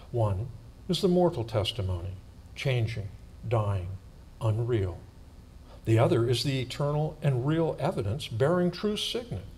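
Male church reader, measured solemn delivery, slow, faint hiss behind. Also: medium pitch, a little mellow. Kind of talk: reading aloud in church.

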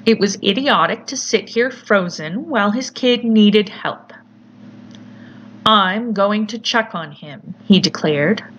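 A woman narrating a horror story in a measured, deliberate storytelling manner. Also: medium pitch. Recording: slightly muffled with faint hiss.

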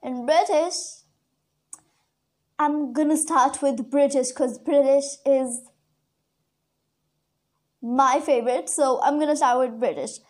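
A woman teaching English vocabulary in a chatty online lesson, repeating key words slowly for learners; her first language is Urdu. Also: high voice, fairly even intonation.

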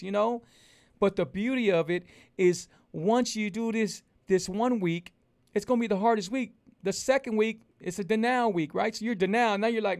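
High-voiced emphatic man coaching viewers. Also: normal speed. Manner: emphatic, repetitive, preacher-like delivery. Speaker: health and fitness coach. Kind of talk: motivational talk to viewers.

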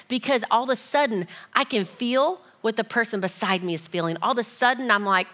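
A woman giving a casual, lively church teaching, often acting out little voices and dialogues. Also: fairly high pitch, brisk.

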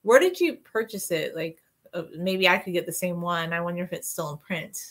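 Soft-spoken woman, bright chatty tone. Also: on the low side, animated, a little fast. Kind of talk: casual chat.

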